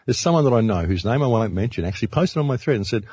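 A man's voice: mid-range voice, animated, rapid-fire, darkish tone, breathy edge, no echo. A man, a radio announcer, talking earnestly in a casual discussion and often repeating words as he thinks.

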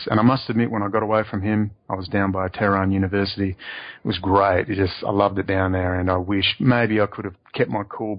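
An excitable man talks as an interview guest, his voice husky and breathy. He rants and jumps sharply upward in pitch to press his points. The sound is dry and dull, like lo-fi audio. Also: no room sound. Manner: excitable, ranting, voice leaps up for emphasis. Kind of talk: remote interview conversation.

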